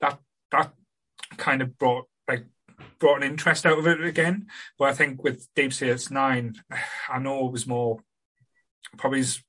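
Man, podcast host, casual chat, bright voice, hesitant with many restarts. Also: medium pitch, fairly even intonation, normal speed, long pauses.

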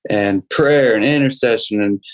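Young man, low voice, halting speech, casual interview storytelling. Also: poor audio. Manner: halting, many restarts and fillers, soft laughs. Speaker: guest musician and songwriter.

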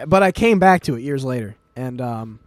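A man's voice: mid-range voice, lively intonation, normal speed, no room sound. A man hosting a podcast in casual chat, retelling things in a rambling way with many fillers and swearing. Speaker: podcast host.

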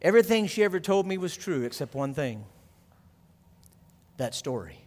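A man's voice: fairly high pitch, sing-song, moderate pace. Fervent preaching man in a reverberant hall. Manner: storytelling, dropping to a hush for sad parts, building to loud fervent preaching. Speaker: pastor. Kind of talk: sermon.

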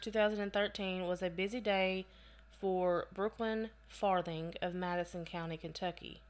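A woman's voice: fairly low pitch, steady tone, normal speed. A woman co-hosting a casual podcast, reading case notes aloud and breaking off into chatty asides. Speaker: podcast co-host.

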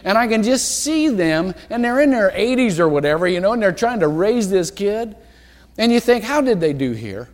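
A male pastor delivers a sermon in a church sanctuary. His voice sits high and swings widely in pitch as he breaks into himself with side remarks and soft chuckles. A long church reverb trails each phrase. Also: very animated. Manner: rambling, self-interrupting, with quick asides and chuckles.

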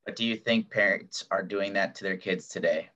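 A man's voice: low voice, moderate pace, sharp tone. A man co-hosting a casual chat, laid back and asking the others questions. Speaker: podcast co-host. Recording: slightly dull, muffled sound.

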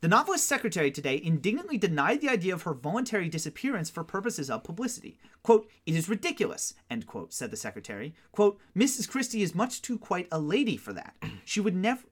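Wry podcast host reading old articles out loud, voice goes all over the place pitch-wise. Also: quick pace, husky. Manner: relaxed, wry, reads in long runs. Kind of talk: casual chat, reading news articles aloud.

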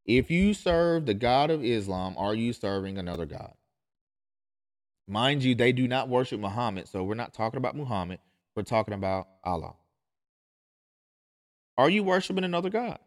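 A man's voice: medium pitch, lively intonation, normal speed, long pauses. Emphatic man pastor hosting a podcast. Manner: emphatic, insistent, repeats and restarts phrases. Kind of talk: impassioned podcast monologue.

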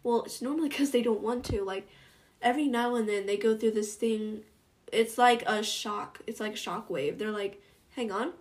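Higher-voiced young woman, jokey podcast chat. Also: moderate pace. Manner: jokey, laughs loudly at herself. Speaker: podcast co-host. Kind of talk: casual chat.

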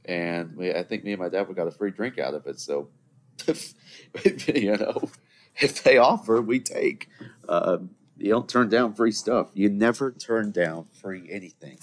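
Chatty young man with a low voice. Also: normal speed. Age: 20s. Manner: rambling, chatty, joking asides to listeners. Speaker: podcast host. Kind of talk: solo podcast monologue. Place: seated at a computer indoors.

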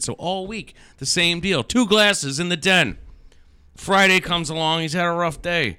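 A man with a very bright, ringing voice tells crude jokes in loose banter. His voice sounds smooth and clear. He acts out the voices of the people in his stories. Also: high voice, a little slow. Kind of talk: casual podcast banter, telling a dirty joke.

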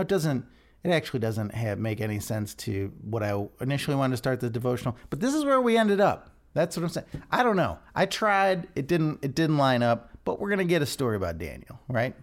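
A man giving a casual devotional talk, rambling and correcting himself as he retells a scripture story. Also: mid-range voice. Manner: rambling, self-interrupting, animated. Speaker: devotional speaker.

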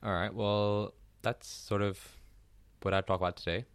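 Guy cohosting a podcast, really low voice, dry close sound, jokey and eager. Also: little pitch movement, moderate pace, clear, resonant tone, no echo. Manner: joking, eager. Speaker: podcast co-host. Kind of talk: casual chat.

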